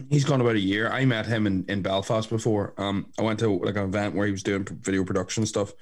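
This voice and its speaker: A man's voice: fairly low pitch, steady tone, fast talker. A man in casual podcast chat, telling rambling, frank stories with lots of fillers.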